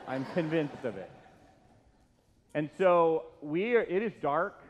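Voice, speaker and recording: At a church retirement party, a middle-aged former youth pastor gives a funny tribute built on a self-mocking anecdote. His voice is slightly high and his pace slow, and he tells the story with lively, self-deprecating energy. The recording is dull and lo-fi, with hall echo and faint hiss.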